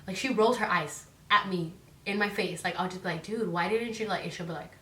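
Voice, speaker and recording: A woman's voice: fairly low pitch, fairly even intonation, brisk, pushed and bright. A young woman from Northern California, chatting casually to camera as a vlogger, full of "like" fillers and free swearing. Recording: echoey room, voice a bit distant.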